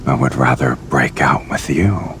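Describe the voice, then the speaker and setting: An actor voicing a seductive, teasing male love interest in a dating game, with a slow, breathy delivery. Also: extremely low pitch, fairly bright tone, slight background noise, full character voice.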